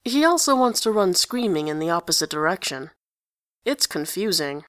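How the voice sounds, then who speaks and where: A woman narrating a story in an even, conversational way. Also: fairly low pitch, normal speed, no echo, studio quality. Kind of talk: story reading.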